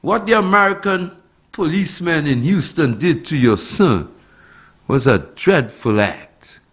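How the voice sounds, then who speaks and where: Middle-aged man, slow-spoken, fiery political commentator, very high lively voice. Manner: fiery, emphatic, repetitive rhetorical questions.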